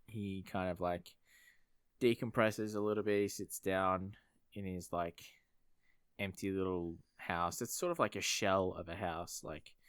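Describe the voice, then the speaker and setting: A man's voice: low-pitched, fairly even intonation, a little slow, a bit bright, smooth, no room sound, studio quality. A man co-hosting a film review podcast, rambling through a scene recap with many fillers. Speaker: podcast co-host. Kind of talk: casual film review chat.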